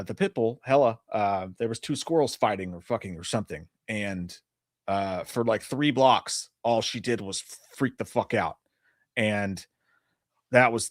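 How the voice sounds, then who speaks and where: A man's voice: mid-range voice, a bit bright, dry recording, studio quality. Rambling, swearing man on a live stream. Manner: rambling, swears freely, laughs often. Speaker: podcast co-host. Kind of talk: casual live-stream chat.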